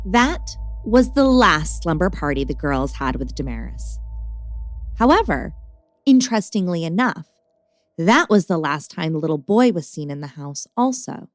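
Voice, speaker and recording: A woman podcast host reading scripted narration between interview clips in an expressive, measured way. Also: deep voice, no room sound.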